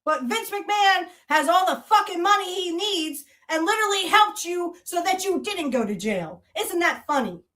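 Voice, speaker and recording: A woman with a high voice, hosting a podcast and ranting at length. She is heated and accusatory, swears freely and keeps hammering the same rhetorical challenges. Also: animated, normal speed, hardly any pauses, pushed and bright. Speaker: podcast host. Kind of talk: angry monologue rant.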